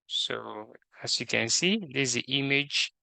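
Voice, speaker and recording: A man with a gravelly, sharp medium-pitched voice runs a screen-recorded coding tutorial in a dry recording. He methodically reads each task's instructions aloud and talks slowly through his steps.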